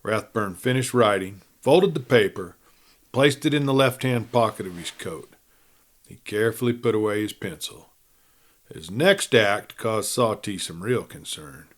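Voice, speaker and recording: A man narrating a western novel at a measured, even pace as host of a storytelling series. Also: on the low side. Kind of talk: audiobook-style reading aloud.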